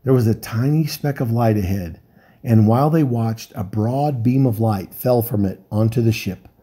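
A man reading a children's novel aloud in calm, steady narration. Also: mid-range voice, normal speed, slightly rough. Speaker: volunteer reader.

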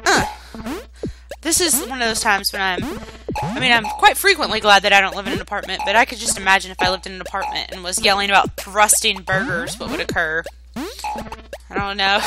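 A young woman hosting let's-play commentary, excitable and swearing at the game as she plays. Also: medium pitch, fairly quick, rough recording. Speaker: gaming channel host. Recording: game music loud behind. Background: game music.

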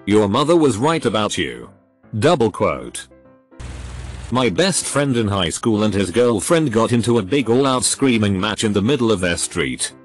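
A low-pitched man narrates reader stories in a scripted read, yet his pitch swings widely from line to line. He speaks the punctuation marks aloud in a flat delivery. Faint music plays underneath. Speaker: narrator reading posts aloud.

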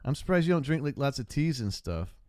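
A man's voice: medium pitch, very animated, fairly quick, mellow, no room sound, studio quality. Laid-back swearing man hosting a call-in. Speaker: call-in show host. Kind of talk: casual livestream chat.

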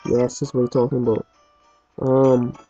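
This man's delivery is completely flat, at normal speed, with a warm tone and medium pitch. He's a let's play host in his home basement, offering rambling, chatty gameplay commentary with some mild swearing, recorded muffled and lo-fi over game music.

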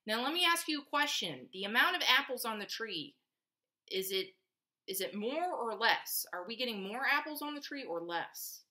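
Animated preschool teacher reading aloud. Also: female voice, fairly high pitch. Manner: animated, counts along slowly, asks the children questions. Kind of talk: read-aloud storytelling for children.

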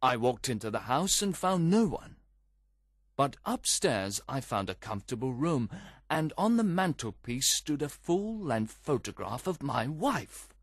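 A man giving an expressive, scripted first-person narration of a story. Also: medium pitch, a little slow, slightly rough, no room sound, studio quality. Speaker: audiobook reader.

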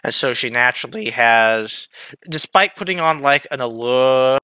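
A man's voice: mid-range voice, animated, normal speed, bright, forceful tone, clear, resonant tone, dry recording. A man in a casual anime discussion, recapping the plot in long, rambling runs.

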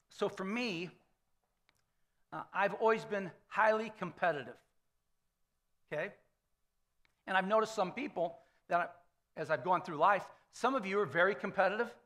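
A man in his fifties preaches in a loose, conversational style, often tossing "okay?" to the room. His voice sits high for a man and rings bright and forceful. He sounds like a pastor talking to his congregation in a church. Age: 50s. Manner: conversational storytelling sermon, frequent "okay?" check-ins. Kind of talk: sermon. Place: church sanctuary.

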